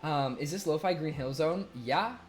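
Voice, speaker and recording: On a live stream, a young man with a slightly high voice reads his viewers' messages at a moderate pace and banters with them. He laughs often and curses without restraint, his volume jumping from loud to mumbling, over faint background music.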